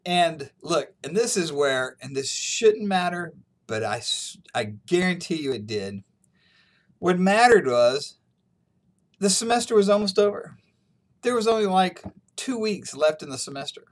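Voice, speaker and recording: Chatty, fairly high-voiced male professor. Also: sing-song, normal speed. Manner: chatty, storytelling, laughs often. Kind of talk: casual recorded online lecture.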